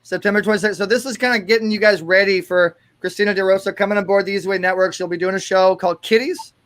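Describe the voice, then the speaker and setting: A man's voice: sits high, steady tone, quick pace, fairly bright tone. A man hosting an online interview, enthusiastic and stumbling over his words. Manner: enthusiastic, stumbling, restarts often. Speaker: host.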